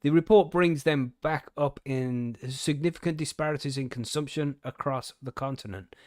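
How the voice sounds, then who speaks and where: A man co-hosts a podcast, chatting in a laid-back way, laughing often, swearing casually now and then, and reading news aloud. His mid-range voice is darkish and moves at a normal speed. The recording is studio quality, with no echo.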